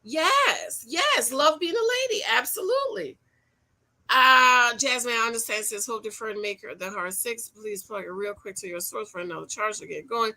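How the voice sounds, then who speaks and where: A middle-aged woman hosting a casual livestream about dating, reading viewer comments, animated and repeating her points in slang. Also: a little high, normal speed. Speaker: livestream host and dating coach.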